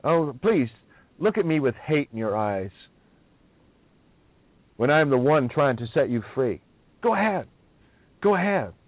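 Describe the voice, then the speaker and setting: A man's voice: mid-range voice, very animated, measured pace, pauses often, no room sound. Profane ranting man. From Northern Ireland. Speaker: radio host. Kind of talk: ranting talk radio. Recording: tinny phone-line audio, dry.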